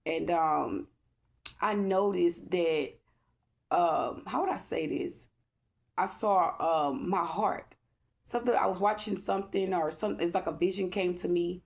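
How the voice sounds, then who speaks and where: Earnest woman tarot reader, gravelly lower voice, rambles and keeps checking in with her listeners. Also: unhurried. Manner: rambling, checks in with repeated "okay?"; earnest, emotional. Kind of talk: casual spiritual tarot reading.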